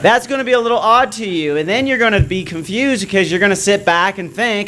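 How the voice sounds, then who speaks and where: Bright-voiced Canadian preacher with Southern drawl. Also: male voice, high voice, fairly quick, few pauses. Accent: Canadian with a slight Southern US drawl. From Nova Scotia, Canada. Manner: friendly, storytelling. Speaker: guest preacher. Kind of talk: sermon. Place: church.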